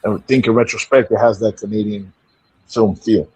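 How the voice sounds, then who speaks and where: A man's voice: on the low side, fairly even intonation, moderate pace, a little mellow, slightly rough, no room sound, lo-fi sound. A man chatting casually on a podcast, rambling and repeating words as he gets going. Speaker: podcast co-host. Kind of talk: casual chat.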